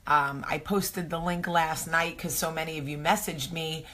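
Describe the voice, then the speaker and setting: A woman's voice: deep voice, steady tone, moderate pace, a bit bright. A woman from New Jersey with a New Jersey accent, hosting a casual morning vlog in a chatty, rambling, self-mocking way. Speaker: vlog host. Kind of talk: casual morning chat to camera.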